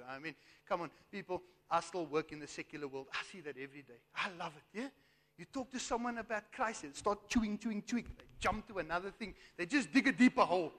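A man's voice: high voice, lively intonation, fairly quick, fairly bright tone. A man preaching a sermon with emphatic rhetorical asides, his voice straining. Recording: long hall reverb.

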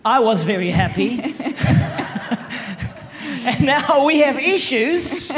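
A man's voice: very high-pitched, sing-song, takes it slowly, a little hiss or hum. A man telling a humorous, self-mocking story about his marriage to an audience. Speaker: speaker sharing a marriage story. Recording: echoey hall.

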